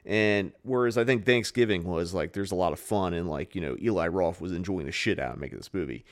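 Male podcast co-host, low voice, loose rambling delivery, heavy casual swearing. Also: fairly quick. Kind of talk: casual chat.

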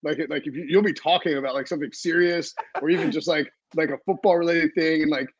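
A man's voice: fairly high pitch, fairly even intonation, fast talker, slightly rough, no room sound, lo-fi sound. A man hosting a sports podcast, chatting casually in a rambling way with many fillers and restarts. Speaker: podcast host. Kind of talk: casual chat.

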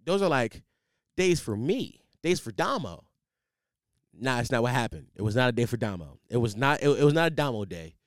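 Lively man, tired podcast monologue. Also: medium pitch, a little fast, dry recording, studio quality. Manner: animated, profane, rambling with restarts. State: tired, sleepless. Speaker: podcast host. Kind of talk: casual storytelling monologue. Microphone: studio microphone.

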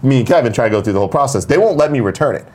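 Fast-talking man telling a story. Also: medium pitch, animated, a little mellow. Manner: acts out quoted dialogue in shifting voices. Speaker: morning show co-host. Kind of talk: casual chat, animated storytelling.

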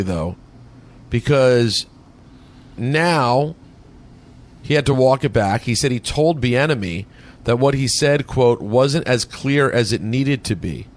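A man hosting a sports talk show, teasing his co-host in quick casual banter. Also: medium pitch. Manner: teasing, quick back-and-forth.

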